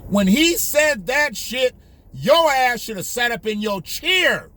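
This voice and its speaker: A man's voice: very high-pitched, sing-song, slow, sharp tone, no echo. A male host ranting in heated, profane, emphatic political commentary, repeating his points.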